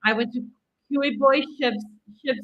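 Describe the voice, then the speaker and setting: Female co-host, earnest explainer, slightly high pitch. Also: fairly even intonation, slow pace, dull audio, a little hiss or hum. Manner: earnest, explanatory, with frequent fillers. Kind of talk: political commentary show.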